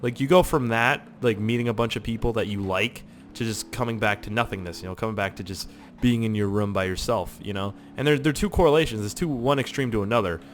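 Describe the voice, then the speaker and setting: A man's voice: fairly low pitch, quick pace, faint music behind. A man from Canada, telling rambling, profane stories while he plays a game. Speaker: gaming YouTuber. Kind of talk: casual storytelling over gameplay.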